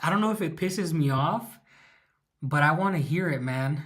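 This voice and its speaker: A Californian man hosts a casual livestream, reacting to viewer comments and reading the chat aloud. His voice is fairly high and a bit bright, expressive, and delivered at a moderate pace, with plenty of rambling and fillers.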